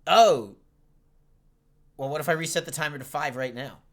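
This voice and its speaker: A man's voice: fairly high pitch, moderate pace, a bit bright. A man hosting a fan podcast over a remote call from home, teasing his co-host in a playful, upbeat way. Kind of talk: casual chat.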